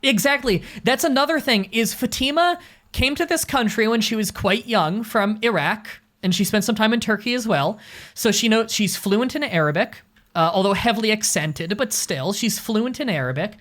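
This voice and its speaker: A woman's voice: a little high, animated, normal speed, fairly bright tone. A woman streamer chatting casually while gaming with friends, a rambling storyteller who swears freely. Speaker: streamer playing a hunting game with friends.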